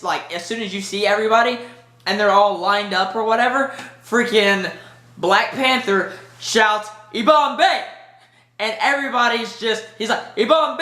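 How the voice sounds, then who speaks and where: A man giving an excited, rambling movie review, full of fillers and restarts. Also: sits high, reverberant.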